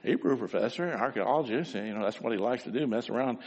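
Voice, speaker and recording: A middle-aged man preaching a sermon, telling folksy stories with sudden swings between loud and soft. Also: mid-range voice, animated, fast talker, slightly rough, big-room sound, muffled recording. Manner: folksy storytelling with wide swings in loudness. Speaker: pastor.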